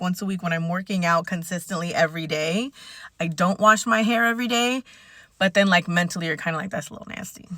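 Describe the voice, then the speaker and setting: A woman's voice: lowish voice, fairly bright tone, dry recording, clean studio sound. A woman in her forties talking in a casual, rambling and candid vlog rant. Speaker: vlogger.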